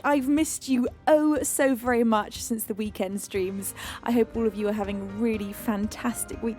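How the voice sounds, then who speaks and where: A woman's voice: sits high, darkish tone. A woman from the UK hosting a live music stream, greeting her chat with gushing, affectionate names while recovering from a lost voice. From United Kingdom. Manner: gushing, affectionate, calls viewers beans.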